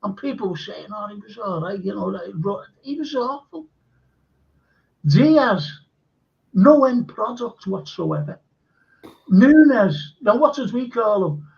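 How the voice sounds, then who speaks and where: A man's voice: high-pitched, expressive, slow pace, vocal fry, pauses often, darkish tone, muffled recording. A man hosting a live stream, chatting casually about football with blunt, emphatic verdicts and lots of fillers.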